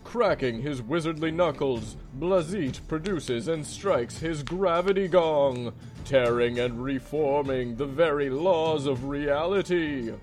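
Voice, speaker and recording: A man's voice: on the high side, takes it slowly, a little mellow. A man narrating a comedy tabletop fantasy game as game master, in a grandiose mock-epic manner. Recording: music bed behind.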